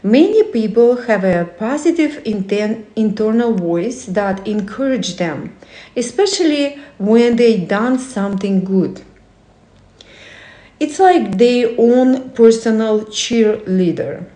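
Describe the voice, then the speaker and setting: A woman talks through a book at an unhurried pace, stopping often to put reflective questions to the listener. Her English has a non-native phrasing, and she corrects herself mid-sentence. Her tone is soft and mellow, and the room gives it a noticeable echo. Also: medium pitch, lively intonation. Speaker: host. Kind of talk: casual talk reading from a book. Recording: roomy echo.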